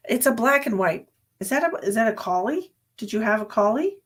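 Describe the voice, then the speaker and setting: A woman's voice: a little high, expressive, brisk, slightly rough. A woman psychic medium giving a live-streamed reading, chatty and sleepy, thinking aloud with many fillers. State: sleepy, yawning.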